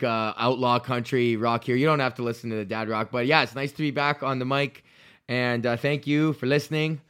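A man hosting his own show solo, talking in a loose, profane ramble. He restarts sentences and corrects himself often. His voice sits at a middle pitch for a man. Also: fairly bright tone, clear, resonant tone. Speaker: podcast host. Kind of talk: casual solo podcast rant.

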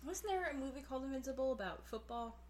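A woman's voice: high voice, animated, fast talker. Teasing, giggly podcast co-host woman. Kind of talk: casual podcast banter.

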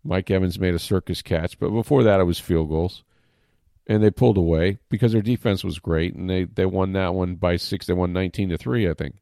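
A man giving sports talk commentary as an analyst, animated and emphatic, mocking critics with repeated phrases. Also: sits low, a little fast, creaky, no room sound, studio quality. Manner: animated, mock-quoting critics, emphatic repetition.

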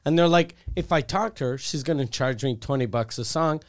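A man's voice: mid-range voice, a little fast. A man co-hosting a comedy podcast, telling crude stories in casual chat and acting out the people in them. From Quebec, Canada. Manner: crude storytelling, acts out the people in his stories. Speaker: podcast co-host.

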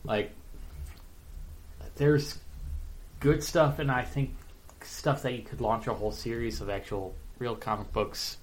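A man's voice: lowish voice, a little hiss or hum. A man in casual podcast chat who rambles and playfully mimics others. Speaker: podcast co-host.

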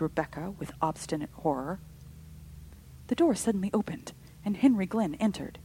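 A woman narrating a story with an expressive, dramatic delivery. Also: lowish voice, moderate pace, a little hiss or hum, low-quality recording. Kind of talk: storybook reading.

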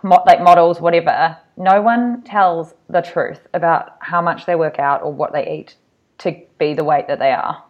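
A young woman co-hosting a podcast, telling animated stories and acting out what people said. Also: on the low side, normal speed. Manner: animated storyteller, acts out quotes. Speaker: podcast co-host. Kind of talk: casual chat. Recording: muffled sound.

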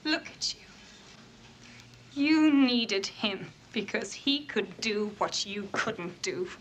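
A woman's voice: medium pitch, lively intonation, very slow, a bit bright, slight background noise. An actress in a film clip playing a woman who berates a crowd of cowardly townsmen with contempt. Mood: scornful. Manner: contemptuous, scolding. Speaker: film character in a played clip.

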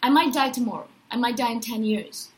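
A woman in her thirties giving a casual personal monologue as a podcast host, enthusiastic and animated, often tagging her points with "right?". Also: a little high, brisk, poor audio. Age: 30s.

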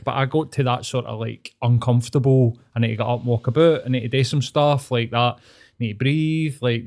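A man's voice: medium pitch, darkish tone. A man with a Glaswegian accent telling a long personal story in casual podcast chat, rambling and sweary but earnest. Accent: Scottish, Glaswegian.

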